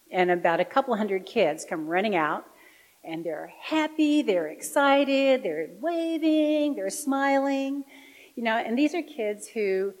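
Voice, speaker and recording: A woman giving a parish talk about her volunteer work as an audiologist. She tells her story with animation and drops soft and quiet for the serious moments. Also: lowish voice, rough recording.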